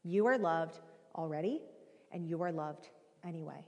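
A woman in her thirties preaching a sermon, telling a personal story in a conversational, animated way with many fillers. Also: deep voice, normal speed. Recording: reverberant hall.

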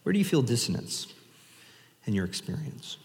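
A man's voice: medium pitch, very animated, normal speed, long reverb tail, slight background noise. A man preaching a sermon as pastor in a casual, conversational way, inviting the congregation to join in.

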